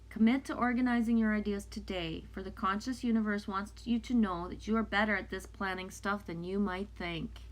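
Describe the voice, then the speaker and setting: A woman whose first language is French, casually chatting with viewers and reading oracle cards aloud in a live stream. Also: medium pitch. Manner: chatty, loose, talks back to viewers' comments. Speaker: oracle card reader.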